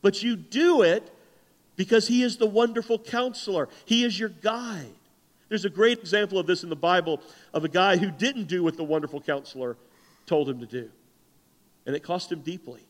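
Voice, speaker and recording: A man preaching a sermon as pastor, animated and conversational, acting out the voices in the stories he tells. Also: sits high, normal speed. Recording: long hall reverb.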